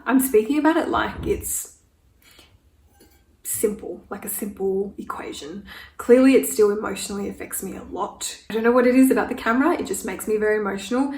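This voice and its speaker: Her mid-range voice a little fast and darkish in tone, a woman in her twenties does a get-ready-with-me Q&A while doing her makeup. The beauty vlogger is candid and emotional, occasionally tearful, and she's recorded from a distance in an echoey room with faint noise.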